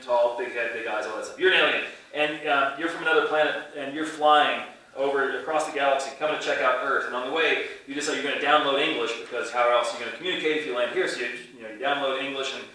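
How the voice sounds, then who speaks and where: A man's voice: mid-range voice, sharp tone. A man preaching a sermon as pastor, chatty and playful, with many restarts. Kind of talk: casual storytelling sermon. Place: church sanctuary. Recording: echoey church from a distance.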